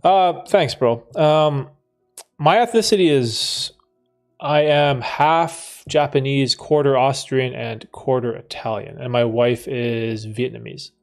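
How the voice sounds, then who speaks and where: A man's voice: mid-range voice, slow pace, soft background music. Laid-back man chatting on a live stream. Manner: laid-back, laughs often, trails off and restarts. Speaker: livestream host answering chat. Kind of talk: casual live-stream chat, reading and answering comments.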